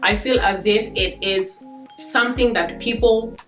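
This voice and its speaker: A woman's voice: medium pitch, steady tone, measured pace, a bit bright. A woman from Kenya with a Kenyan accent, chatting casually to camera as a vlogger, repeating her points and laughing easily. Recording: roomy sound with faint guitar music.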